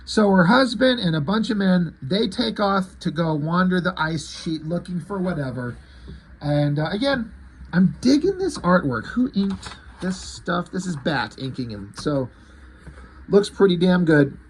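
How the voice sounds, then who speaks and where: A man's voice: high voice, big pitch swings, unhurried, breathy edge. A man casually paging through a comic book, loosely retelling the story in a rambling way.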